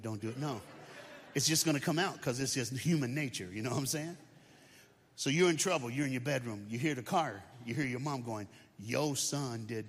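A male guest speaker telling comic and moving stories to a church crowd, playful and animated, calling out to the audience. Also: medium pitch. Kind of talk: comedic motivational storytelling talk. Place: large church auditorium with balcony. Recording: long hall reverb.

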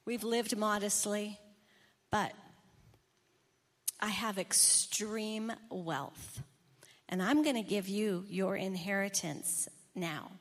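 Woman voicing a calm, generous father. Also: mid-range voice, long reverb tail, voice pushed down. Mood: reassuring. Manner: measured, reassuring.

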